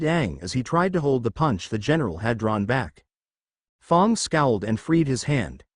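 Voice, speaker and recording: A man narrating a fan story as a scripted reading, in a steady storytelling delivery. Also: medium pitch, normal speed, no echo, clean studio sound.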